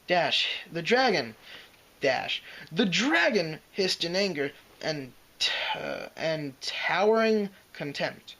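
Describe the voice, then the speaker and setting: A man reading fan fiction aloud, expressive and dramatic, with occasional slips and restarts. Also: on the high side, slow pace, poor audio. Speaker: reader.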